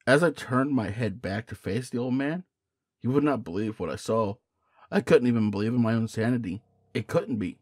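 A man narrating a first-person horror story in a measured, hushed storytelling manner. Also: mid-range voice, dry recording, studio quality. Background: faint music.

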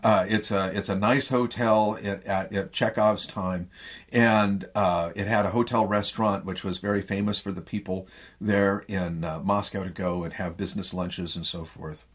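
A male theatre professor with a Midwestern American accent, giving a lecture that retells a play as a story and pausing often on fillers. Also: deep voice, husky. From Midwestern United States. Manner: animated storyteller with frequent fillers.

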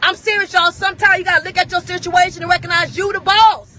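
A woman's voice: very high voice, level tone, fast talker, bright, forceful tone. A woman, sitting in her car and delivering an emphatic, repetitive motivational rant. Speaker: vlogger.

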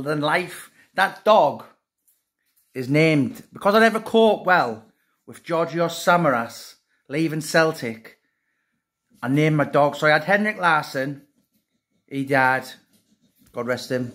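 A man's voice: a little high, a little slow, a bit bright. A middle-aged man rambling emotionally to his phone camera in a casual monologue, mocking himself as he goes.

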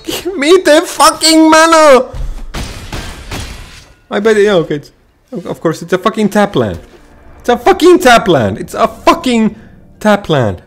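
A man's voice: high voice, huge pitch swings, moderate pace, soft background music. A man ranting and swearing constantly while playing a card game, frustrated and repeating himself. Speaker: gamer. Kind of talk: ranting gameplay commentary.

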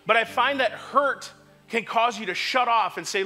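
High-voiced impassioned male preacher. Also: moderate pace. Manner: impassioned, swings from quiet to shouting. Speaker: pastor. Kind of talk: sermon. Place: church sanctuary.

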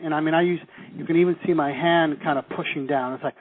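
A man's voice: fairly high pitch, fairly even intonation, fast talker. A man teaching a live seminar, coaching the audience and asking them questions. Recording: tinny phone-like live audio.

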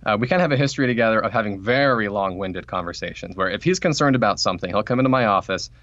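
A man's voice: lowish voice, dry recording, muffled recording. A man, an author guest on a podcast, telling a workplace story in a casual interview and acting out what people said. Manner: fast, animated storytelling with acted-out quotes.

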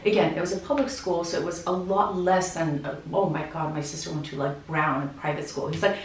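A woman's voice: on the low side, a little fast, few pauses, distant mic, slight background noise. Chatty woman vlogging in a roomy house. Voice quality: chatty, animated, addresses viewers directly. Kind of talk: casual vlog chat. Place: house interior.

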